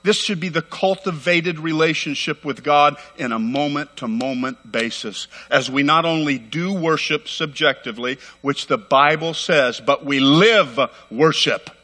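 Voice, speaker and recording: A middle-aged pastor delivers a fervent sermon, pressing his points with quick, emphatic repetition. His voice is bright and forceful, a touch higher than most men's. It rings out with the long reverb of a church sanctuary. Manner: fervent, rapid and emphatic, repeating phrases.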